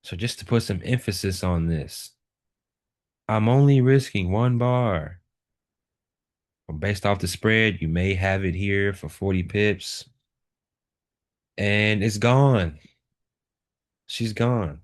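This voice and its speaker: A man's voice: sits low, takes it slowly, long pauses. A man teaching a live trading lesson, walking through charts and driving points home by repeating key words. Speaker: trading instructor.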